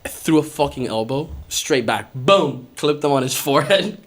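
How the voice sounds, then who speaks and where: Animated, swearing young man telling a story. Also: a little high, normal speed. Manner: animated, profane, laughing storyteller. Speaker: podcast host. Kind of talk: casual storytelling among friends. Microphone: podcast studio mic.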